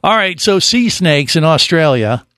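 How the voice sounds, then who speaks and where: A man's voice: fairly high pitch, expressive, a bit bright, no echo, studio quality. Rambling man hosting a radio show. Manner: rambling, halting with restarts. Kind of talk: casual radio banter. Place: radio studio.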